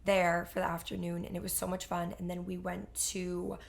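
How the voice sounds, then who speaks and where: A woman's voice: lowish voice, normal speed, creaky. A young woman co-hosting a podcast, telling stories in casual chat with lots of "like" fillers. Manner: animated storyteller, heavy use of "like". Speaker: podcast co-host.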